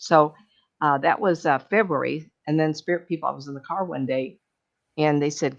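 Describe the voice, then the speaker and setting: Older woman, casual and anecdotal delivery, gravelly voice, dull lo-fi sound. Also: low voice, fairly even intonation, fairly quick. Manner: rambling, anecdotal, laughs often. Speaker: psychic medium giving a talk. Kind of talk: casual talk.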